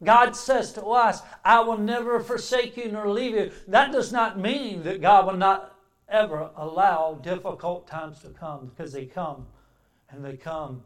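A man preaching a sermon, swinging between loud emphatic declarations and quiet, reflective passages. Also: high voice, measured pace.

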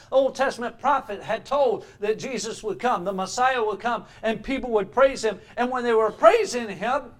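A man preaching a sermon, reading archaic scripture passages and explaining them with emphatic, rising delivery. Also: sits high.

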